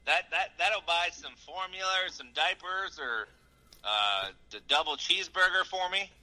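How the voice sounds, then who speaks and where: A man's voice: on the high side, moderate pace, sharp tone, poor audio. A young man, a regular on the show, bantering casually in a jokey, playfully defensive way.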